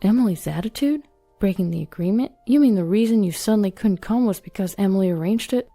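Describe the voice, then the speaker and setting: A woman's voice: mid-range voice, quick pace, warm tone, faint music behind, close to an everyday voice. A woman voicing a young man who is a grateful, earnest younger brother. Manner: earnest, stern toward his bride.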